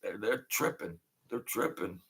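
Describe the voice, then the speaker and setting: A man telling street stories in a rambling, halting way, often stammering and acting out other people's voices. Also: on the low side, lively intonation, vocal fry, a bit bright. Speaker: channel host telling mob stories. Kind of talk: casual storytelling monologue.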